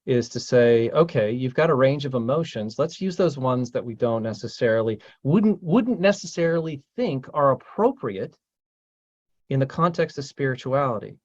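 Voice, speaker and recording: A man leading a spiritual group talk, emphatic and salty-tongued. His pitch leaps around with real animation as he pushes his point. The recording sounds dull and lo-fi. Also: lively intonation, normal speed. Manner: emphatic and profane, swings loud and high when stirred.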